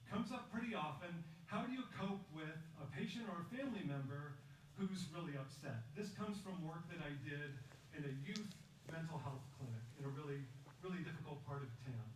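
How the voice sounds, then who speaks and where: A man giving a prepared public talk, measured and emphatic, telling a story and asking rhetorical questions. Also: fairly high pitch, lively intonation. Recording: echoey distant recording with faint background noise.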